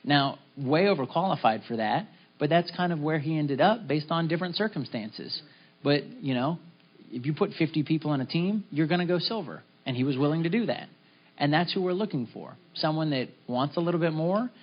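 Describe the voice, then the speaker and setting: A man's voice: fairly high pitch, animated, brisk. A middle-aged man giving a casual, upbeat motivational talk to his business team, acting out little conversations as he goes. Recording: slightly dull lo-fi recording.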